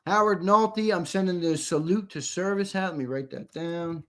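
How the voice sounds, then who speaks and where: A man's voice: sits high, normal speed. A young man co-hosting a live fan show, chatting loosely with viewers, swearing and repeating his lines as he reads comments. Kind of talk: casual live-stream chat reading comments.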